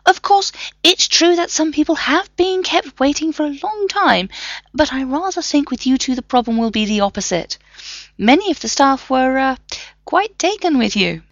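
A high, flustered male professor who frets and flutters through every sentence, as a woman reading a story puts him on. His voice lifts and swoops all over, with a gritty edge underneath and a dry, close sound. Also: expressive, moderate pace, no echo, dull audio. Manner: breathless, fluttery and high-pitched.

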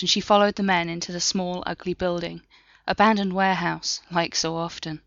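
Low-voiced woman reading a thriller story. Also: dry recording, lo-fi sound. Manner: steady, measured reading. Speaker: audiobook narrator. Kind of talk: scripted narration.

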